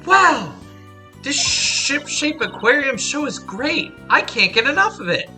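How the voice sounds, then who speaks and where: A woman voicing an excitable young woman lawyer, reading game dialogue aloud. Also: high-pitched, a little slow, soft background music, voice pushed up, full character voice. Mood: excited. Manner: peppy, gushing.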